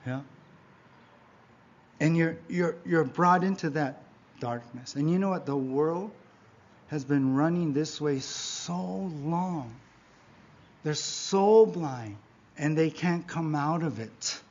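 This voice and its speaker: A man's voice: slow pace, long pauses. Emphatic preaching man, dull lo-fi sound. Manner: emphatic preaching, frequent rhetorical "right?" and "yeah?"; swings between loud exhortation and quiet low asides. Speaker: pastor. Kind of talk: sermon. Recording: dull lo-fi recording.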